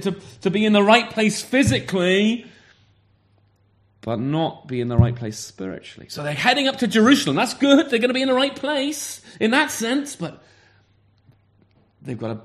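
Male preacher, slightly higher voice, earnest sermon delivery, rhetorical questions. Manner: earnest, repeats words, asks rhetorical questions.

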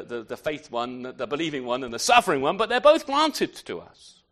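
A man's voice: a little high, a bit bright. A man preaching a sermon in an unscripted way, often restarting phrases and asking rhetorical questions.

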